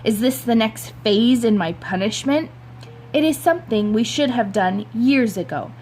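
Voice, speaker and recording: A grumbling middle-aged father from a read-aloud novel, sarcastic and defensive, voiced by a woman. He mutters his objections rather than shouting them. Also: on the high side, lively intonation, moderate pace, slight background noise, natural voice.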